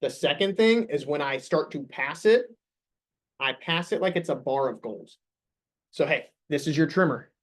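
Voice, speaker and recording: A man's voice: on the high side, lively intonation, moderate pace. A young man leading a sales staff meeting, coaching the group with upbeat questions.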